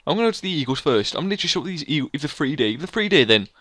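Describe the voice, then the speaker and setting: A man's voice: a little high, very fast, no echo. A young man hosting a casual let's play, joking around and saying "literally" a lot. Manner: jokey, excitable, says "literally" a lot. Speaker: gaming channel host.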